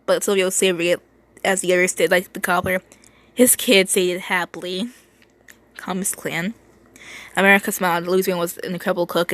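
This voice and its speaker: A woman's voice: lowish voice, a bit bright. A woman reading a fan story aloud, often stumbling, repeating words and stopping to make asides. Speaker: reader.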